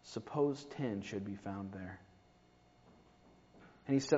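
A man with a fairly low, warm voice preaches slowly, keeping his sermon conversational and tossing rhetorical asides to the congregation. The recording sounds dull and reverberant, as if made in a hall.

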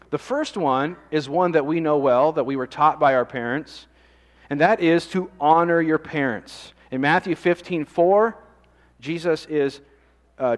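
A man's voice: a little high, long reverb tail. A man preaching a sermon in a conversational way, often asking the congregation questions. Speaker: pastor.

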